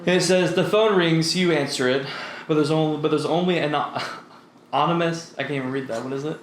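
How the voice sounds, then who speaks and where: A man's voice: fairly high pitch, brisk. A man co-hosting a casual podcast chat, stoned, giggling and swearing as he talks. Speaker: podcast co-host. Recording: echoey room with faint noise.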